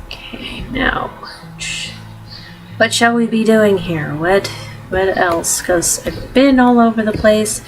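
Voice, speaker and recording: A woman's voice: mid-range voice, slow pace, soft background music, poor audio. Blunt, casual woman gamer. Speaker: let's play host. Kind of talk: casual game commentary.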